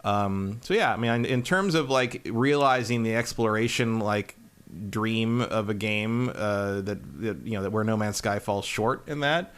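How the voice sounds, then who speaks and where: Relaxed male co-host, lowish voice, loose and easygoing delivery. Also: measured pace, clear, resonant tone. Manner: relaxed, rambling, many fillers. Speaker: podcast co-host. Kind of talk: casual gaming podcast chat.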